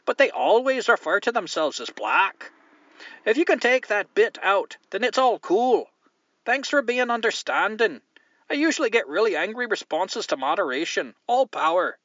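A man reading a letter as a fussy Scottish man, in a mock Scottish accent with a high, prim, apologetic delivery. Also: sing-song, moderate pace, fairly bright tone, no echo, exaggerated voice. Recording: dull lo-fi dry sound.

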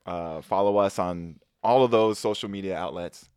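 Laid-back male co-host in his thirties, low voice, close dry sound. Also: moderate pace, a little mellow, clear, resonant tone, dry recording. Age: 30s. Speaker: podcast co-host. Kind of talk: casual chat.

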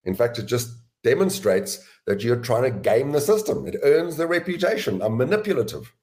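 A man being interviewed as a guest author and sales educator, giving measured, deliberate explanations. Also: mid-range voice, big pitch swings, a little mellow. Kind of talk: interview answers.

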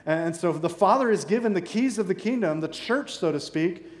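A man preaching a sermon to a church congregation in a relaxed, conversational way, joking and acting out the people in his story. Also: sits high, brisk. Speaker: pastor. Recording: echoey hall with long reverb.

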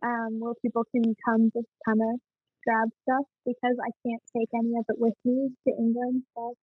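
A young woman, a podcast guest, telling family stories in a casual, animated way and laughing often. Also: a little high, moderate pace, slightly rough. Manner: giggly, animated storytelling. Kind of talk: casual chat. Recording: dull lo-fi sound.

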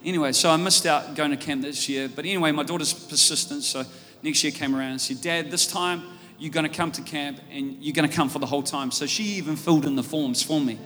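An Australian man preaching a sermon, telling stories and building up to loud, fervent preaching. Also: on the high side, fast, hardly any pauses. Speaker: pastor. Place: church auditorium. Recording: church hall reverb with faint music.

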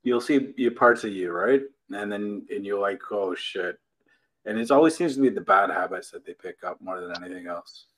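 Male guest in his thirties, lower voice, relaxed teasing storyteller. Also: brisk, few pauses, slight background noise, rough recording. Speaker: podcast guest. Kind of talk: casual chat.

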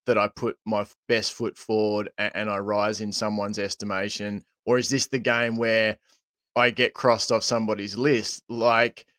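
A man, hosting a podcast and asking long, halting questions. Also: fairly low pitch, little pitch movement, fairly bright tone, dry recording. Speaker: podcast host. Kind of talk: casual podcast interview.

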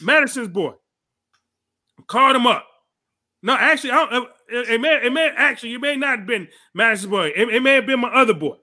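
A man hosting a podcast, giving heated, profane political commentary and shouting angrily. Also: extremely high pitch, expressive, brisk. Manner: angry, shouting, profane ranting. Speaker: podcast host.

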